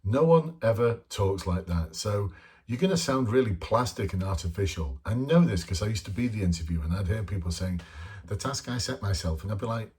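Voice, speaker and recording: A man's voice: lowish voice, animated, fairly quick, darkish tone. A man talking casually and bluntly as a police interview coach, informal and chatty, with mild swearing. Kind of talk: casual spoken lesson to camera.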